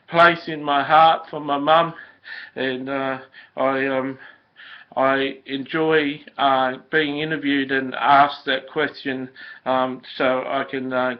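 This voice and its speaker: A man giving a gentle, emotional spoken message as if from his late sister, halting with many ums and uhs. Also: mid-range voice, little pitch movement. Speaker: prophetic minister speaking as his late sister. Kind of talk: slow spoken channeled message. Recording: dull lo-fi recording.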